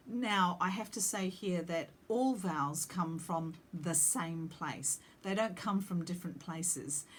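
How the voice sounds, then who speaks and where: A woman's voice: fairly low pitch, slight background noise. A woman singing teacher explaining vowel shapes, breaking off to sing short demonstration vowels. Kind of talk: vocal lesson with sung demonstrations.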